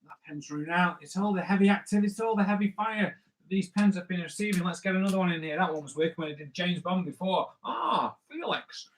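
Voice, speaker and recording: A man's voice: high-pitched, expressive, quick pace, rough recording. A man who makes comics hosts a live drawing stream, chatting playfully and cracking jokes as he sketches viewers' requests. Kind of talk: live draw-along chat.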